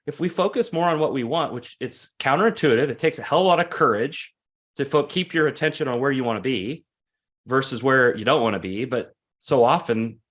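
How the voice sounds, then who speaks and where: A man in his forties speaking earnestly as a guest on an interview. He tells stories with animation, his pitch sitting in the middle range. He often restarts and repeats phrases as he works through a point. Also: lively intonation, fairly quick, fairly bright tone. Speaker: guest, coach. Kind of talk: conversational interview storytelling.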